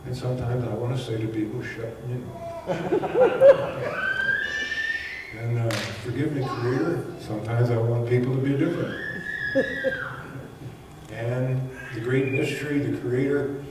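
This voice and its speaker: Man teaching in a booming echoey hall. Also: steady tone, moderate pace, very noisy. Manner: folksy, anecdotal, chuckles often. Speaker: spiritual teacher. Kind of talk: conversational spiritual talk. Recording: echoey hall recorded from far off.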